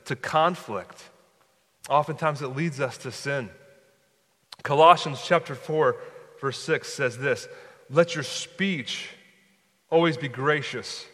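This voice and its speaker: A man's voice: mid-range voice, a bit bright. A man preaching a sermon as pastor, conversational and prone to restarting and repeating words. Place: church sanctuary. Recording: long hall reverb.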